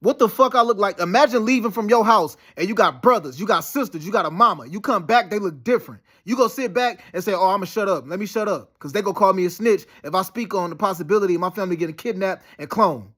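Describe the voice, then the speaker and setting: A man pours out a rambling, profane monologue that stays heated and insistent. His voice sits high for a man. He talks quickly. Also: a bit bright. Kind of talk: casual monologue.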